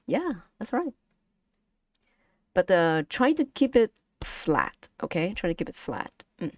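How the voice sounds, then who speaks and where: A woman's voice: mid-range voice, sing-song, unhurried, no echo, soft background music. A woman with a Vietnamese accent teaching her stream chat to pronounce Vietnamese tones in a playful, giggly way. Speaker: vtuber language streamer. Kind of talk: casual language lesson to stream chat.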